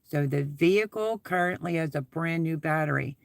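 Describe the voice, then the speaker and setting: Sitting in his SUV, a man runs a relaxed live stream, drifting between stories at a moderate pace and thanking viewers over and over. His voice is a little high for a man and heavily gravelly, thick with vocal fry. The recording is close and dry, with no echo or sense of a room.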